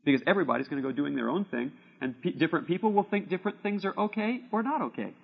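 Man, sermon, conversational storytelling, slightly high voice, dull lo-fi recording. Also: expressive, rapid-fire, creaky, breathy edge. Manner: conversational, often asks "See?" and "Okay?". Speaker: preacher. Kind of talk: sermon with personal anecdotes. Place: room with a live audience.

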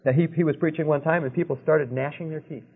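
A man's voice: a little high, steady tone, quick pace, husky. A male Christian preacher giving a teaching talk, telling anecdotes and checking in with his listeners with "okay?". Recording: narrow, tinny phone-like sound.

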